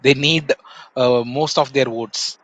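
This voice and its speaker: A man's voice: mid-range voice, steady tone, fairly bright tone, low-quality recording. Indian man with a Tamil accent, thoughtful. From Tamil Nadu, India. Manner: measured, thoughtful, many pauses and "uh" fillers. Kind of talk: casual conversation.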